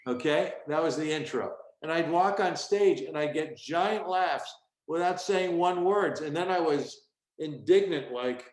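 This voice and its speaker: A man in his sixties, a stand-up comedian, tells stories from his career in an interview and acts out bits of his old act. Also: fairly high pitch. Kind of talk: storytelling interview. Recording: echoey room.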